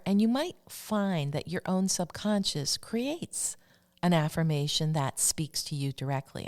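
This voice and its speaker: Woman, self-help show host, low voice, soothing, slow repeated affirmations. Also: a little mellow.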